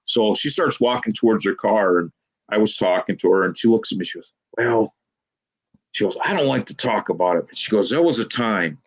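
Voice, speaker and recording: A husky man with a fairly low voice talks fairly quickly in a casual storytelling interview about his work as a Bigfoot investigator. He spins long, rambling anecdotes and quotes people with "she goes."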